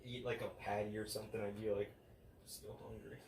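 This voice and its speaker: This young man speaks fairly quickly with a fairly low voice as he co-hosts a podcast, swapping stories with friends and acting out the quotes. A faraway mic captures the roomy sound along with a faint hiss.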